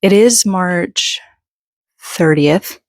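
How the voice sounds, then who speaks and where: Her words drawn out in a fairly low voice, a woman in her thirties who reviews books online chats from her bedroom floor, rambling and poking fun at herself while a little out of breath. The sound is clean studio audio with no room sound.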